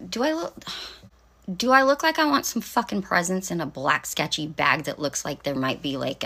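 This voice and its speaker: A middle-aged woman rants through a story with a low-pitched but sharp, forceful voice. She swears freely and drifts through fillers and asides, sarcastic all the way. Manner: profane, sarcastic, rambling with many fillers. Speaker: vlog host. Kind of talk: casual storytelling rant.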